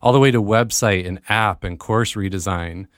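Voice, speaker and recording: A man hosting his own podcast, talking straight to listeners in an earnest monologue that lifts into excited bursts. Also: on the low side, moderate pace, no room sound, clean studio sound. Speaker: podcast host.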